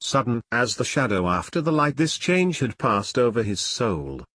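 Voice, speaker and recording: A male narrator reads an old melodrama aloud in a steady, measured voice. His pitch sits in the middle, and the sound is close and dry with no room echo. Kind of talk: dramatic audiobook reading of an old novel.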